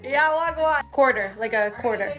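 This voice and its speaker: A woman's voice: high voice, expressive, moderate pace, dull audio. A young woman with a Canadian accent playfully quizzing her grandmother, laughing often.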